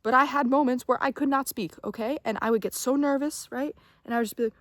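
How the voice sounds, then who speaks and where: A woman's voice: sits high, quick pace, few pauses, no room sound. A young woman giving casual, emphatic self-help advice, swearing freely, dropping at times to a whisper and often checking in with "okay?". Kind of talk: casual motivational talk to camera.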